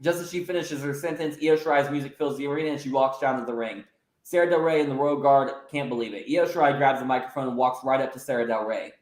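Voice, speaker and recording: A man's voice: medium pitch, quick pace, darkish tone. A man hosting a podcast, casually narrating fantasy wrestling storylines with frequent filler sounds. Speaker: podcast host. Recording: roomy echo.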